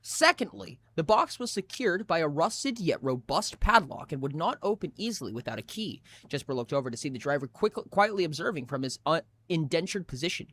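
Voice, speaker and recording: Expressive male streamer reading aloud. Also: on the high side, brisk, hardly any pauses. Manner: expressive reading with frequent restarts.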